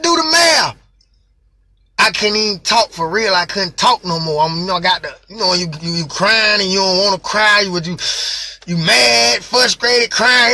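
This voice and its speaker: A man in his late thirties telling his own story in a casual, emphatic monologue that sinks into quiet, reflective stretches. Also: slightly rough, dry recording. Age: late 30s. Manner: emphatic, drops to low reflective tones.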